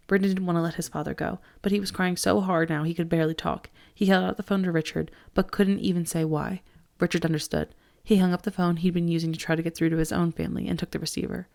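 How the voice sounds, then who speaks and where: A woman teacher reading a novel aloud with steady expression. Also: lowish voice, fast, vocal fry. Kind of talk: audiobook read-aloud.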